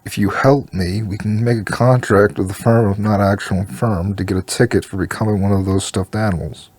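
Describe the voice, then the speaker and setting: A man's voice: on the low side, steady tone, brisk, darkish tone. A man reading a story aloud, giving every part in his own plain voice. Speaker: story reader.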